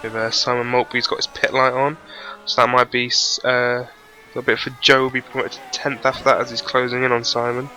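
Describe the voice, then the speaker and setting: Chatty, bright-voiced male race commentator. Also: medium pitch, little pitch movement, fairly quick, rough recording. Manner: chatty, self-deprecating, apologetic asides. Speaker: sim racing commentator.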